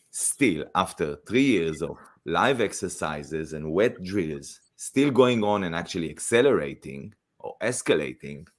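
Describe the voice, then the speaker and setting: Male host, low voice, halting, word-searching questions. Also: a bit bright. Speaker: interview host. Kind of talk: conversational interview questions.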